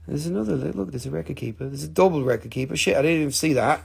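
A man hosting a casual live-stream sale, excitable and joking with viewers, swearing freely. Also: a little high, rapid-fire, vocal fry, slightly rough. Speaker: live-stream mineral seller.

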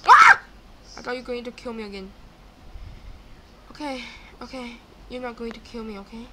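A young woman giving live gameplay commentary, excitable and chatty, talking back to game characters. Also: fairly high pitch, brisk, a little hiss or hum. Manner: excitable, screams and gasps, talks to game characters. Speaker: gaming YouTuber.

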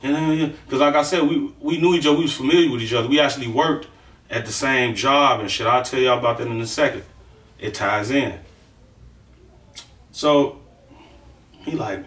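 A man's voice: medium pitch, normal speed, a bit bright. A middle-aged man tells a long story in a loose, rambling way, swearing freely and checking in with the listener again and again. His voice sits in an ordinary middle register. It is picked up from some distance in a room that echoes. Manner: profane, rambling, keeps saying "you know what I'm saying". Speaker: storyteller recounting prison life. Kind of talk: casual storytelling monologue. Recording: roomy sound, mic at a distance.

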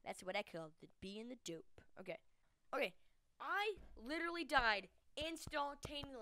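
Woman gamer, high and very lively voice, excitable chatty commentary, dry close sound. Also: moderate pace, dry recording. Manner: excitable and chatty, jumping from yelps to low mutters. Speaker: gamer hosting her own channel. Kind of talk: casual gameplay commentary.

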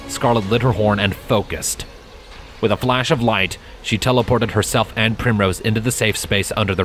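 Deep male storybook narrator. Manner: steady storytelling, dramatic at tense moments. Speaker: fanfiction reader. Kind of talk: audiobook narration. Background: background music.

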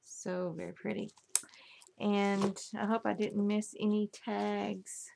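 A woman's voice: mid-range voice, level tone, slow, vocal fry, noisy background. A woman casually showing off a handmade album she crafted, gushing over every detail. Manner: gushing, admiring each detail. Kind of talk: casual craft show-and-tell.

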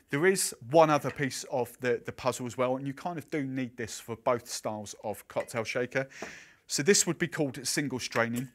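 A man's voice: mid-range voice, a bit bright. A man, a professional bartender talking through a casual tutorial in a chatty, conversational way with plenty of fillers. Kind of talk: product demo and tutorial.

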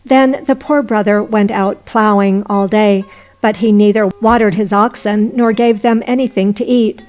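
A woman narrating a folk tale audiobook in a steady storytelling voice. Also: mid-range voice, moderate pace, highs cut off, faint music behind.

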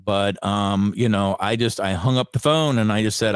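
A man's voice: fairly low pitch, normal speed, clean tone, no echo. Storytelling radio man, dry close sound. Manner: animated, acts out quoted dialogue. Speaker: radio personality, guest. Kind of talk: conversational storytelling.

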